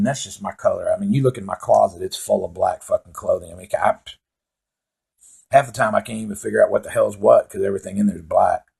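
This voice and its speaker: A man's voice: on the low side, vocal fry, a little mellow, husky. A man hosting his own comedy show, telling rambling, profane stories in a casual stand-up style. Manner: profane rambling with filler words. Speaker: comedian host.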